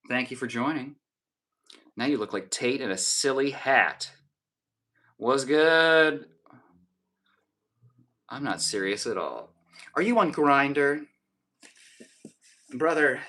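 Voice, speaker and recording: A man's voice: medium pitch, bright, forceful tone, low-quality recording. A young man live-streaming, casually joking and teasing as he reads and answers his chat.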